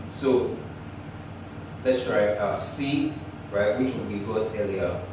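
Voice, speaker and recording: A man teaching choir harmony, talking through the theory and now and then singing short phrases, sometimes in falsetto. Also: very slow, very echoey, distant mic, noisy background. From Nigeria. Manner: talks through theory, often breaks into sung phrases, chuckles. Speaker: music teacher. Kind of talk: choir harmony lesson with sung examples. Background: piano.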